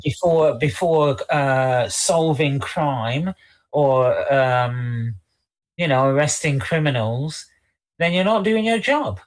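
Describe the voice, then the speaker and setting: A co-host in casual talk-show chat, speaking haltingly with many repeated words and fillers. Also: mid-range voice.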